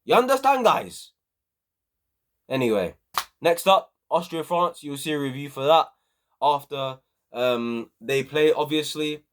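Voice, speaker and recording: A man rants about football to his viewers, his pitch swinging widely as he hammers the same points again and again. His voice sits a little high and he talks in loose, casual slang. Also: expressive, measured pace, pauses often. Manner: heated, emphatic, repetitive ranting with slang. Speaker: football channel host. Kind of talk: ranting football review to camera.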